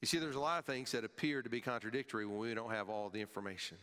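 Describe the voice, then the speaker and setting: A male pastor preaching a sermon, emphatic, his voice rising and falling sharply and dropping low at the ends of phrases, sometimes repeating words as he restarts. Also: racing, sharp tone. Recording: long hall reverb.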